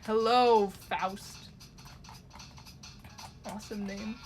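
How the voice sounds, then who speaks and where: A woman's voice: mid-range voice, steady tone, drawn-out words, music in the background. A young woman from Ontario with a Toronto Canadian accent, chatting casually and rambling with swearing while she draws on a live stream.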